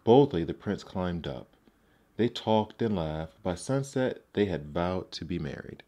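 Deep-voiced man reading fairy tales. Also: lively intonation, measured pace, warm tone. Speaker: storyteller. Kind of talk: storybook narration.

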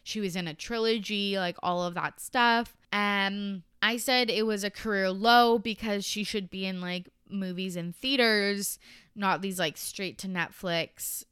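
Young woman, podcast host, sarcastic casual chat, swears a lot, dry close recording, sharp clear voice. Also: medium pitch, steady tone, measured pace, dry recording. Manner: chatty and sarcastic, swears freely, heavy filler words. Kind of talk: casual movie review chat.

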